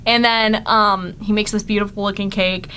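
A woman's voice: medium pitch, little pitch movement, moderate pace, pushed and bright, slight background noise. A young woman co-hosting a podcast, casually retelling episode plots with frequent giggles and filler words. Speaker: podcast co-host. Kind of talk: casual chat recapping episodes.

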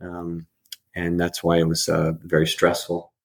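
A middle-aged man with a very low, husky voice talks through his story in an interview. He is reflective and halting, often repeating words as he finds his way into a sentence. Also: monotone. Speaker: author and life coach guest.

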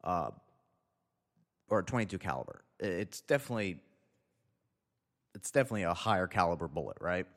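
Young dude rambling thru a funny story, cussing, deep voice, long echo on it. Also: male voice, expressive, fairly quick, long pauses. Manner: rambling, profane, self-interrupting. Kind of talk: casual comedic anecdote. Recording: long reverb.

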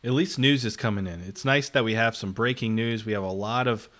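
A man's voice: fairly low pitch, a little fast, fairly bright tone. A man co-hosting a casual sports podcast, his voice nasal and congested from being ill, upbeat as he plugs upcoming episodes. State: congested from illness. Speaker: podcast co-host.

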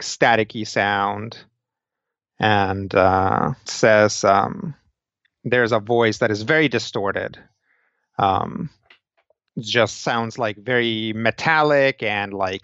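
Slow, halting low-voiced male game master. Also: a bit bright, no room sound. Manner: halting, many fillers and restarts. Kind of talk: narrating a tabletop game. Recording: dry, dull lo-fi sound.

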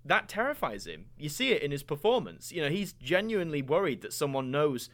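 Man, podcast host, casual fan chat, animated, enthusiastic. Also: on the high side, a little fast. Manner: animated, enthusiastic, mocking asides.

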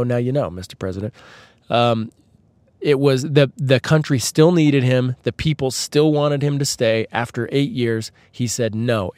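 A man hosting a podcast, telling a rambling comedic story with sarcastic asides, his voice a little husky from a tickle in his throat. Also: mid-range voice, darkish tone, dry recording. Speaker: podcast host. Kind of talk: casual comedic storytelling monologue.

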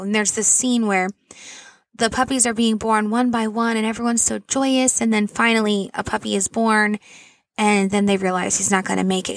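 A mother in her thirties talks straight to her listeners, earnest and rambling, with asides and fillers. Her mid-pitched voice has a gravelly fry to it. The sound is dry and close, with no room around it. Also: dry recording. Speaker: mother telling a personal story. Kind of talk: casual storytelling to camera.

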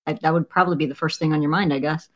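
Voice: medium pitch, steady tone, rapid-fire, muffled recording. A podcast co-host chatting casually, mostly giving short, encouraging replies and light teasing. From Scottish heritage. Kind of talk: casual chat.

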